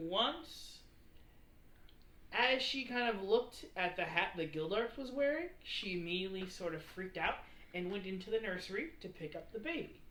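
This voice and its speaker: A woman's voice: fairly low pitch, fairly bright tone. A woman narrating as game master with rambling, filler-heavy descriptions. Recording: echoey room with background noise.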